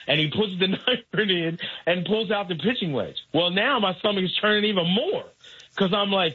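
A man telling a caddying story in casual chat, animated and acting out voices in his anecdote. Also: on the high side, brisk, slightly rough, phone-quality sound. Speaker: guest, golf caddy and comedian.

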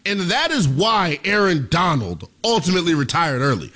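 A young man hosting sports talk radio, delivering a theatrical monologue that he keeps addressing to the listeners as ladies and gentlemen. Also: high-pitched, big pitch swings, normal speed, hardly any pauses.

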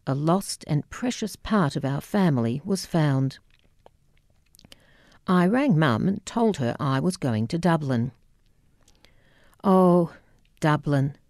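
A woman narrates an audiobook memoir in a low, mellow voice, taking her time over each phrase. Her manner is wry and reflective, and the close studio recording is dry. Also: no echo.

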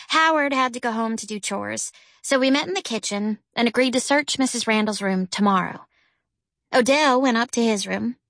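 A woman narrating a children's novel as an audiobook, with a gentle storytelling manner. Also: no echo. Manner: gentle storytelling, lifts pitch for characters' lines. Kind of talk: scripted narration.

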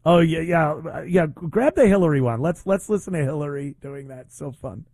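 A man's voice: fairly high pitch, expressive, normal speed, noisy background. A man hosting his own commentary show, talking in a sarcastic, mocking way. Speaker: podcast host. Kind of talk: opinionated commentary.

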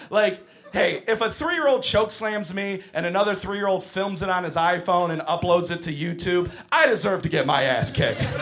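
A man in his thirties doing a stand-up comedy set, telling stories with animated delivery and bursts of shouting. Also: sits high. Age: 30s.

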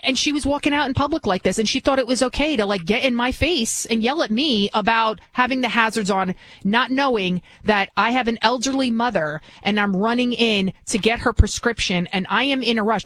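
A woman's voice: fairly high pitch, no echo, rough recording. A woman in her forties hosting talk radio, telling a story in an indignant, ranting manner. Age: 40s.

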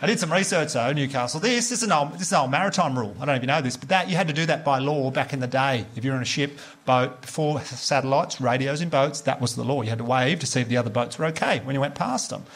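A man's voice: mid-range voice, fast, hardly any pauses, a bit bright. An Australian man doing a live stand-up set, chatty and laughing as he teases the crowd. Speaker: stand-up comedian.

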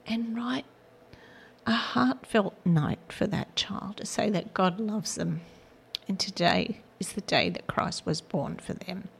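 A woman's voice: mid-range voice, vocal fry, a little hiss or hum. A woman hosting a gospel radio show, giving an earnest, personal devotional message that often drops to a near whisper.

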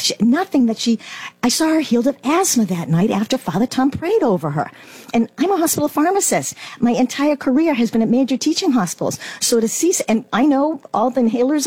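A middle-aged woman, a guest telling her personal testimony with animated acted-out quotes. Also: a little high, husky, no echo. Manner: animated storyteller, acts out quotes.

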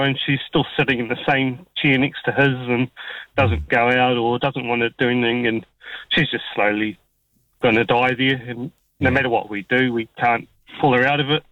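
A man, calling in to talkback radio, speaking in a halting, hesitant way. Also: mid-range voice, steady tone, dry recording. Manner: halting, hesitant, searching for words. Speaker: caller. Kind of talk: talkback call-in chat. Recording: dull phone line.

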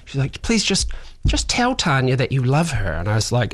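A man's voice: mid-range voice, a little fast, very noisy. A man tells stories in a casual interview, with a voice that swings widely up and down. He acts out the other people in his anecdotes and often stumbles and restarts. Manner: animated storyteller, acts out voices, frequent restarts. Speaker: actor and show creator.

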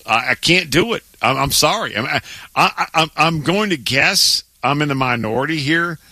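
A man's voice: fairly high pitch, moderate pace, no echo. Emphatic Southern-accented male radio co-host. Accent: Southern American. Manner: emphatic, animated, stammering restarts. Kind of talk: casual sports radio banter.

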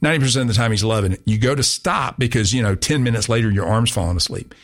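A man's voice: mid-range voice, fast. A man hosting a talk radio show in a chatty, rambling, self-mocking way. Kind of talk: casual talk radio chat.

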